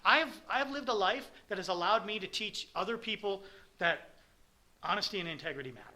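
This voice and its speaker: Middle-aged guy sharing his story at a meeting, blunt and rambly, really bright ringing voice, pitched a bit high. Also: animated, brisk. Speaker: recovery meeting speaker. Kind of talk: personal testimony talk.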